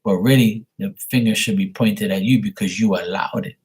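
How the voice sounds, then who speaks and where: A man with a husky, fairly low voice hosts a late-night livestream. He rambles in a chatty, teasing way and talks to his viewers by name. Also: steady tone, normal speed, darkish tone. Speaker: livestream host reading paid questions.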